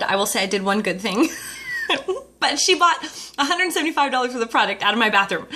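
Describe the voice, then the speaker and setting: A woman's voice: medium pitch, bright, forceful tone. A woman consultant telling her personal story, acting out the voices of the people in it. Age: adult with a husband, dating herself. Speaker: Mary Kay consultant. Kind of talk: personal story told to an audience.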